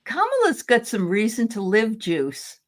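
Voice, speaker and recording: A middle-aged woman hosting a casual livestream chat, chatty and quick to laugh. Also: on the high side, huge pitch swings.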